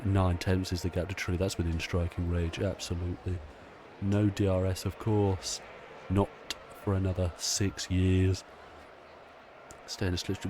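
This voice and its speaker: Excitable man commentating a racing game. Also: low-pitched, slight background noise. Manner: excitable, chatty, swears casually. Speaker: gaming channel host.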